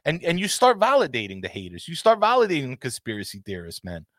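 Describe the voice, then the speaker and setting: A man's voice: mid-range voice, huge pitch swings, quick pace, fairly bright tone, no echo, studio quality. A man hosting a casual football talk show, ranting passionately and swearing freely. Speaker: podcast host.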